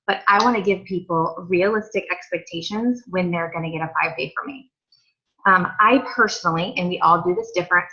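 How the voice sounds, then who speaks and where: A woman's voice: lowish voice, pushed and bright. A woman leading a sales team training, chatty and upbeat with lots of asides. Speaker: team leader. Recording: dull lo-fi audio.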